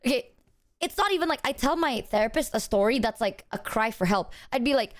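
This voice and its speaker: Animated, foul-mouthed woman streamer, higher voice. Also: a little fast. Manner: animated storytelling, acting out both sides of a conversation; swears freely. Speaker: livestreamer. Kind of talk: casual chat.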